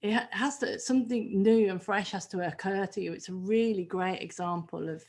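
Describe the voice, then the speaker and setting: A woman's voice: mid-range voice, normal speed, darkish tone. Reflective woman in casual chat. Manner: reflective, with frequent restarts. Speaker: regular discussion member.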